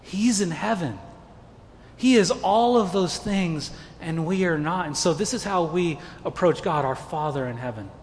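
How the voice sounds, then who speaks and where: A man's voice: sits high, a little slow, long reverb tail, a little hiss or hum. A man preaching a sermon as a pastor, earnest and stumbling into repeated words as he presses his points.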